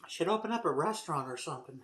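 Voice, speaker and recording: A woman's voice: low-pitched, animated, very fast, a bit bright, a little hiss or hum. A woman in a home kitchen tasting her own food in a casual cooking vlog, effusive and emotional about how good it turned out. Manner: gushing and effusive while tasting. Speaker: cooking vlogger. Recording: roomy echo, mic at a distance.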